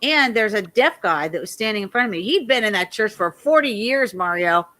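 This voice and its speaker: Loud, animated woman telling a rambling story. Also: mid-range voice, a little fast, a little hiss or hum. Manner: animated, laughs often, loud. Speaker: guest.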